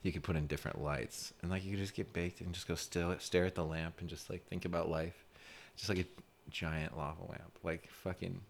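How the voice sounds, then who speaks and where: A man's voice: low-pitched, flat delivery, a little fast, vocal fry, a little hiss or hum. A young man co-hosting a podcast, talking in a laid-back, slangy way and laughing often. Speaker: podcast co-host. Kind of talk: casual chat.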